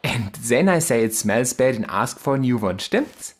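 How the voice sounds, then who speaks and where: A man's voice: medium pitch, animated, moderate pace, slight background noise. A man with a German accent, a German newcomer in a scripted comedy sketch, talking in a blunt, stiff and literal way.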